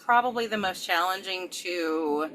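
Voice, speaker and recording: A woman's voice: on the low side, a little slow, fairly bright tone, slight background noise, rough recording. A middle-aged woman, a regression therapist, talking casually with many fillers and restarts. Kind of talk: casual conversation.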